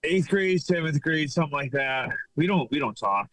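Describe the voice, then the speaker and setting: Laid-back bright-voiced guest fighter. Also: male voice, on the high side, lively intonation, no room sound, poor audio. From Los Angeles. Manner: laid-back, halting, repeats words. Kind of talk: casual interview chat.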